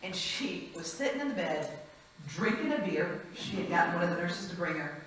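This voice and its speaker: A frank, lively woman speaking from a stage, telling stories and acting out the people she quotes. Her voice sits a little low, and it rings through a big echoey hall. The mic is well away from her, with a faint hum of ambience behind. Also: moderate pace, distant mic. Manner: lively, frank, laughs often, acts out quotes. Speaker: conference speaker, former hospice chaplain. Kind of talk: storytelling conference talk.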